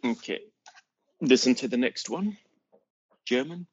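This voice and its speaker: A man's voice: medium pitch, expressive, a little slow, husky, no echo, muffled recording. A man playing a tabletop game over an online call, matter-of-fact and methodical. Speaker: player.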